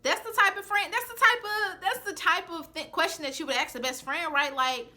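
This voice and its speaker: Sassy high-voiced young woman. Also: brisk, few pauses. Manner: sassy, animated, acts out the quoted lines. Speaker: vlogger telling a personal story. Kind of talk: casual storytime chat.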